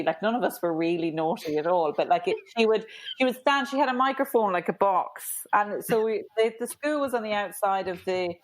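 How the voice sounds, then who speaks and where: Woman author guest, mid pitch, chatty and rambling, laughs as she talks. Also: low-quality recording. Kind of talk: casual storytelling.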